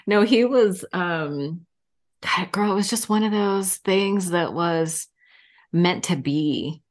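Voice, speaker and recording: A woman's voice: on the low side, slow, a little mellow. A woman in her fifties, a podcast guest in casual interview chat, telling candid stories and laughing often.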